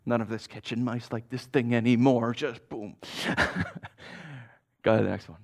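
A man's voice: mid-range voice, fairly even intonation, moderate pace, creaky, darkish tone. A man, a pastor, giving a casual, conversational sermon to a congregation. He chuckles often and keeps checking in with "right?".

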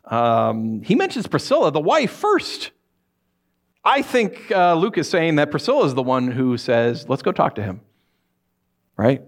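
A man preaching a sermon, reading scripture and telling stories with lively, acted-out voices. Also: fairly high pitch, unhurried. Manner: animated storytelling with acted-out voices.

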